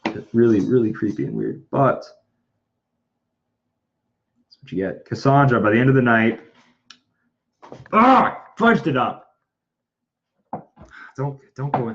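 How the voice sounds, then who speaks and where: Low-voiced man muttering over a craft project. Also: big pitch swings, moderate pace, long pauses, a bit bright. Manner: self-deprecating, mutters and whispers to himself. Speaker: prop maker livestream host. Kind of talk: casual livestream chatter while crafting. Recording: muffled stream audio with faint noise.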